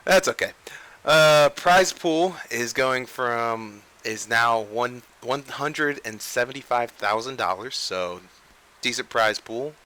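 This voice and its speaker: Speaking slowly in a clean, bright, pushed mid-range voice, a young host chats loosely about game news without a script. He rambles, often starting over and correcting himself, and the audio quality is poor.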